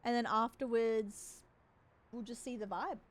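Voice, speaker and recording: A woman's voice: fairly high pitch, steady tone, measured pace. A young woman, chatting casually and rambling with her stream viewers from home. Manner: rambling, chatty, laughs often.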